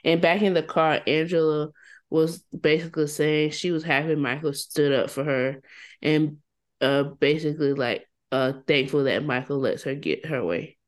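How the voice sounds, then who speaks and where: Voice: mid-range voice, fairly even intonation, normal speed. A podcast co-host casually recapping events, often laughing mid-sentence.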